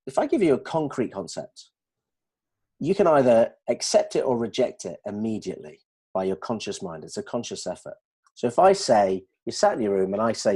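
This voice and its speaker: Husky-voiced man explaining with examples. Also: on the low side. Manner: animated, explains with examples and checks understanding. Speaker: dental communication trainer. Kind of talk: explanatory discussion.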